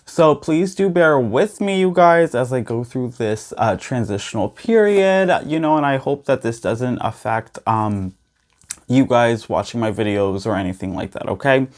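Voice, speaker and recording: A man's voice: medium pitch, lively intonation, a little slow, a little mellow. Chatty man with a slight lisp. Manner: bubbly, keeps saying "you guys" and "okay". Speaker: tarot reader. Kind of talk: chatty tarot vlog.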